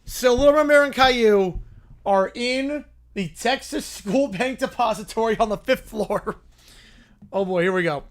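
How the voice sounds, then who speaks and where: A man's voice: very high-pitched, a little slow. A man hosting a live stream, rambling, laughing and interrupting himself as he improvises a story. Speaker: streamer host.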